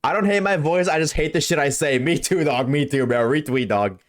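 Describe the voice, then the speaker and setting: A man streaming a game live, chatting loosely with viewers at a desk mic, swearing often and swinging between a high put-on tone and his lower everyday voice. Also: brisk. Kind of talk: casual live-stream chat while gaming. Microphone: desk microphone.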